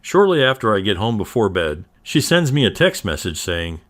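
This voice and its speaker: A man narrating a first-person story in a steady, even reading style. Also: on the low side, moderate pace.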